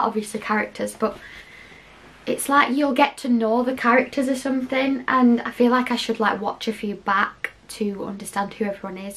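A woman's voice: a little high, fairly bright tone. A young woman chatting casually at home as she reacts to clips, giggly and rambling with many "like"s. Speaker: YouTube reaction host. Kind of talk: casual reaction vlog chat. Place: home, cold room.

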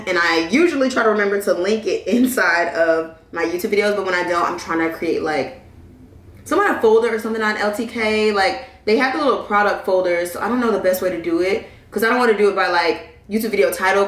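A young woman from Flint, Michigan chatting casually to her viewers as she unboxes things, animated and calling them y'all. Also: medium pitch, recorded from a distance. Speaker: lifestyle vlogger. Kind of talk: casual vlog chat. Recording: echoey room, voice a bit off-mic.

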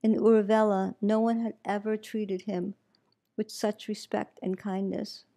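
A woman teacher reads a story aloud in a calm, measured way. Her voice is warm and mellow, sitting in a middle range. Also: mid-range voice. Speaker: meditation teacher.

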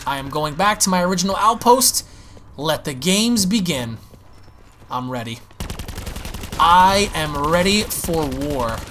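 A man giving excitable, profane live commentary while playing a zombie shooter, often repeating his words. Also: on the high side, a little slow, long pauses, a little hiss or hum. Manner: excitable, swears, exclaims and repeats himself. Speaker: gaming YouTuber.

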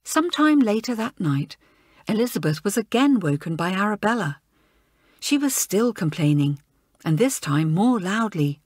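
A woman reads a children's story aloud with a lively, widely varied pitch. Her voice is slightly husky, and the recording is close and dry. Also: moderate pace, no echo. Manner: expressive storytelling. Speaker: audiobook narrator. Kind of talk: scripted narration.

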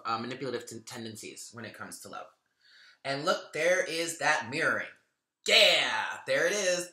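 Bright-voiced man reading tarot. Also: medium pitch, roomy sound. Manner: chatty, earnest, thinking aloud with fillers. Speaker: tarot reader. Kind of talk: casual tarot reading commentary.

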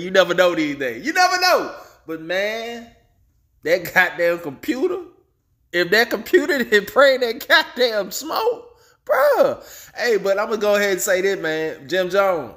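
A man with a slightly high voice hosts a casual video commentary. He speaks in a relaxed way, swears often and chuckles as he talks. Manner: laid-back, profane, chuckles between remarks. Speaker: YouTube commentary host.

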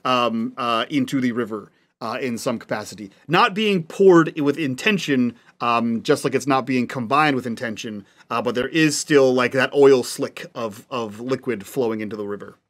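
A man narrating as game master of a tabletop game, relaxed and chatty with many fillers. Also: medium pitch, moderate pace, few pauses.

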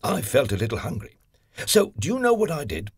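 An actor playing a cheeky, playful tickling character, telling a children's audio story in first person with a slightly husky voice and gleeful high squeals on each tickle. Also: male voice, huge pitch swings, fairly quick, no echo, clean studio sound.

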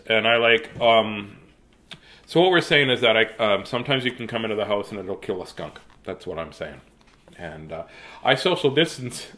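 A man's voice: medium pitch, pushed and bright. A man in his fifties reading picture books aloud to children, playful and chatty, with frequent laughs. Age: 50s. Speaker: children's book reader.

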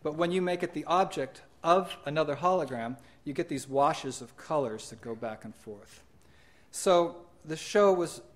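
A middle-aged man presenting his own exhibition with slides at a conference, talking in an unhurried, halting way with many ums and restarts. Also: fairly high pitch.

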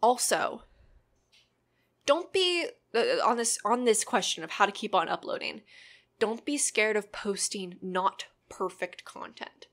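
Woman, mid-pitched, casual rambling chat as a YouTube creator giving encouraging tips. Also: expressive, measured pace, fairly bright tone. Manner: chatty and rambling with many ums and likes; earnest, encouraging advice. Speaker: YouTube creator answering viewer questions.

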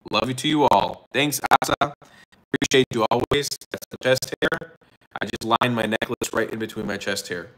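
Bright, brash male livestream host. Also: mid-range voice, moderate pace, low-quality recording. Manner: loud, joking hype-man delivery with swearing. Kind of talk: casual livestream chat. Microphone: phone hotspot livestream.

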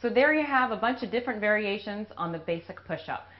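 A woman's voice: medium pitch, animated, fast. A woman fitness instructor talking casually through a push-up demonstration, out of breath as she works. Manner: talks while doing push-ups. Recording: dull lo-fi video audio with faint hiss.

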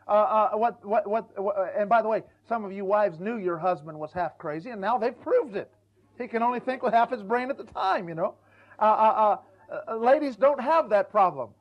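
A man's voice: high-pitched, animated, moderate pace. A middle-aged male preacher giving a folksy, humorous church sermon, stumbling over repeated words and acting out quoted voices. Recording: dull lo-fi church recording.

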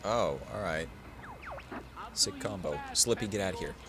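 A low-pitched, unhurried man does casual let's play commentary while gaming, tipsy from drinking. He rambles and swears, pleading in mock-dramatic fashion, with video game music behind him.

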